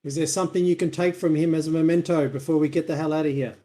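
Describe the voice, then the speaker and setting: Mellow man declaring his character's moves. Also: on the high side, steady tone, fast. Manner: matter-of-fact when declaring actions. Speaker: player. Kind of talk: casual tabletop play.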